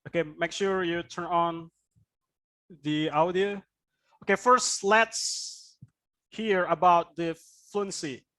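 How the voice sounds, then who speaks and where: A man's voice: sits high, steady tone, slow pace, pauses often, pushed and bright. A man teaching IELTS speaking in an online class, explaining points and checking in with "right?". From Indonesia. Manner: explanatory, with frequent "right?" tag questions.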